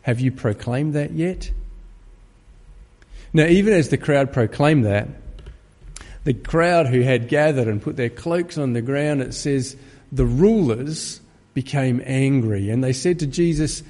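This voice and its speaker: A pastor preaching a sermon to an empty church, rising to fervent, pleading peaks. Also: male voice, mid-range voice, unhurried, a little mellow. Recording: long reverb of an empty church.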